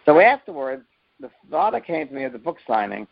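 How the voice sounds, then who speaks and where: A man's voice: a little high, big pitch swings, a little fast, gravelly. A man who teaches mediumship, telling stories from his work in an earnest, emphatic way and often repeating his words. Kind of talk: interview answer, storytelling. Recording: muffled lo-fi audio.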